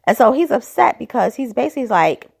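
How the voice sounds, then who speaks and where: A woman delivers casual commentary in a heavily gravelly, fry-laden voice whose pitch rises and falls with plenty of life. She sounds skeptical and opinionated, firing off rhetorical questions, and her throat is a little dry. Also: animated, a little fast. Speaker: commentary vlogger.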